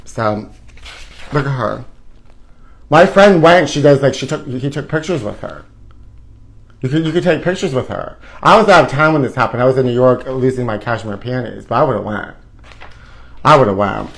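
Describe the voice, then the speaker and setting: A man's voice: medium pitch, animated, normal speed, creaky, long pauses. A man hosting a live gossip show, campy and sassy, who calls everyone honey and now and then sings a line. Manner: breaks into short bits of song. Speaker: host.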